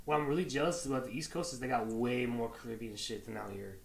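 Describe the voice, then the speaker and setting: A man's voice: medium pitch, quick pace, gravelly, reverberant. A man from the San Francisco Bay Area hosting a podcast, talking in a loose, profane, joking way. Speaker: podcast host. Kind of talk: casual chat.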